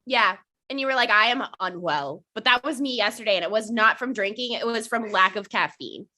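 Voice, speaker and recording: A woman's voice: fairly high pitch, fairly quick, pushed and bright. A young woman co-hosting a podcast in casual chat, talkative, cursing often and laughing a lot. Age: young adult. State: hiccups. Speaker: podcast co-host.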